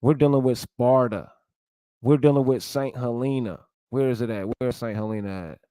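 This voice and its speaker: Man giving a casual lecture to his viewers, mid-pitched, dry sound. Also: fairly even intonation, moderate pace, mellow, dry recording. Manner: lecturing, searches aloud, addresses viewers as y'all. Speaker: commentator. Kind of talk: casual commentary while browsing sources.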